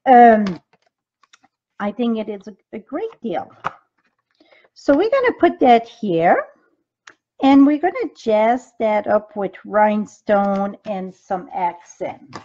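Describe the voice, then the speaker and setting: A woman's voice: medium pitch, sing-song, slow pace, pauses often, mellow, lo-fi sound. A woman leading a live-streamed craft demo, chatting straight to her viewers as she works, with loose grammar and frequent ums. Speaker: craft demonstrator and team leader. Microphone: device mic from a live video stream.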